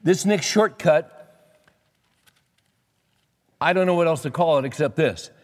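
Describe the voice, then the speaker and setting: His pitch runs fairly high and his intonation is lively, though he keeps a measured pace. The pastor's sermon is folksy and plainspoken, with scripture read aloud to the congregation in an echoing hall.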